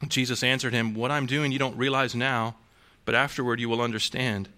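A man's voice: mid-range voice, fairly even intonation, fairly quick, sharp tone, clean tone. A man preaching a sermon to a congregation in a conversational way, asking rhetorical questions and restarting phrases. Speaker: pastor.

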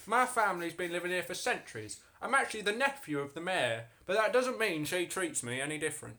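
A man voicing a gruff, grumbling male blacksmith with a northern English accent. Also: sits high, animated, a little fast, sharp tone, exaggerated voice. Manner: put-on villager voice, rambling.

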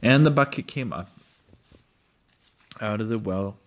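A man reading a children's storybook aloud, halting and stumbling over words. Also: on the low side. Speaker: reader.

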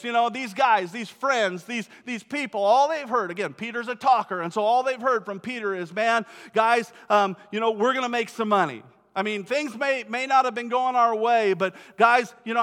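A man preaching a sermon, telling the story with lively acted-out voices and frequent word repeats. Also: high-pitched. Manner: animated storytelling, acts out quoted voices, repeats words. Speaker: pastor. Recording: long hall reverb.

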